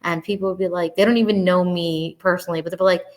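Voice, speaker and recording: A woman's voice: fairly low pitch, steady tone, fast talker, darkish tone. A woman in her thirties, a guest in a casual interview, who rambles with many fillers. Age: 30s. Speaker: guest, pinup model.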